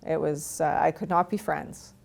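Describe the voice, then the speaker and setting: A woman's voice: deep voice, steady tone, normal speed, creaky, darkish tone. A woman in her forties from Canada, a retired hockey player telling stories frankly and laughing at herself in an interview. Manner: frank, self-deprecating, laughs often. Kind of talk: candid interview storytelling.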